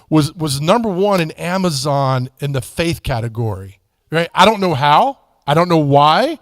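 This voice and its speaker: A man with a fairly high voice shares faith stories at a church as a guest author. He talks in an earnest, folksy, conversational way. The sound is dry and close. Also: no room sound. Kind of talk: conversational church testimony with storytelling.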